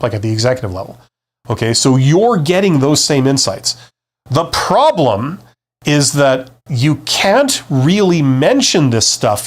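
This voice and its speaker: A man with a mid-pitched voice hosts a live stream on job hunting. He speaks conversationally and with emphasis, slowing down to stress key points and then speeding through asides as he reads out and answers viewer comments. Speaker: career advice host, former CEO. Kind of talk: live-stream Q&A, casual advice chat.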